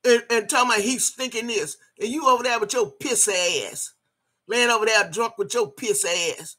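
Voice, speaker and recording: An older woman video blogger rants heatedly, aiming her words directly at someone she disapproves of. Her high-leaning, husky voice is sharp and forceful, and she swears freely while repeating phrases again and again to hammer her points home.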